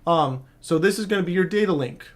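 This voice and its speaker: Brisk and high-pitched, a male cybersecurity instructor casually explains networking basics while sharing his screen. His loose style speaks straight to the viewer, punctuated by a frequent "all right?"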